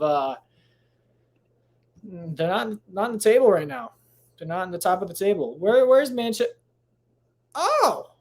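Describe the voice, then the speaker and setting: A man hosting a solo podcast, rambling casually with lots of swearing, restarts and tangents, recording at home late at night. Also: high voice. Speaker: podcast host.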